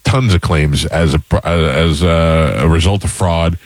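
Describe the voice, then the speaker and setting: A man's voice: a bass voice, a little slow, dry recording. A man hosting a talk radio show, chatting casually and joking about his own dad jokes.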